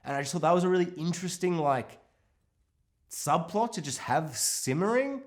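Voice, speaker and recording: Lively, swearing man co-hosting a film podcast. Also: on the high side, moderate pace. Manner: animated, swearing, acts out characters in quotes. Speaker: podcast co-host. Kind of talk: casual film discussion.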